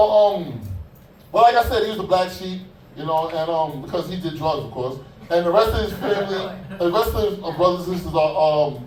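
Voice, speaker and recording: A man's voice: a little high, a little mellow. A man doing a stand-up comedy set, telling loose, profane stories full of fillers and asides. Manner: loose, profane, conversational storytelling with lots of fillers. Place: comedy club stage. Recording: echoey club from a distance.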